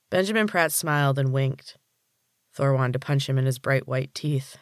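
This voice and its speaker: Male podcast storyteller, mid pitch, dry close mic, steady read. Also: normal speed, no room sound. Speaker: story reader. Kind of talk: scripted audiobook narration.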